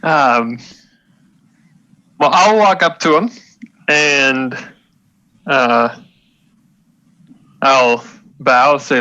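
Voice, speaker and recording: A man's voice: medium pitch, bright, forceful tone, muffled recording. A man playing a tabletop game, speaking hesitantly with many fillers. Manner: hesitant, halting, full of fillers. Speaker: player.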